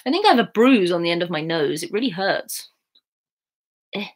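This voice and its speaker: A woman's voice: fairly low pitch, animated, normal speed. A young English woman chatting casually on a live stream at home, reading out and answering viewers' questions with easy laughs. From England. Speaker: YouTuber answering chat questions. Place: at home in bed.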